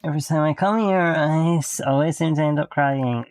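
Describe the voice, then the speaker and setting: A man's voice: on the high side, normal speed, darkish tone, clear, resonant tone, dry recording, faint music behind, pitched above the performer's own voice, natural voice. A man voicing a teary, self-conscious young man in a visual novel, bashful and apologetic. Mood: weepy. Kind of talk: reading a visual novel aloud.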